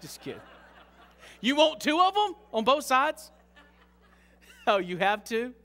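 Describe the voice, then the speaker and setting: A man preaching an interactive sermon in a church, joking with the congregation and rising to slow, loud emphasis. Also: very high voice, very animated. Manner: jokes with the congregation, leads call-and-response reading. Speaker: pastor. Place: church sanctuary. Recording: long hall reverb.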